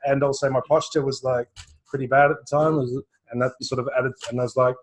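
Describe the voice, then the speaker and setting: A man's voice: medium pitch, flat delivery, fast. A man with an Australian accent, giving a live intuitive reading over a video call. He rambles casually, repeats his words and laughs often. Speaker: intuitive reader, co-host. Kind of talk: live online session, casual chat.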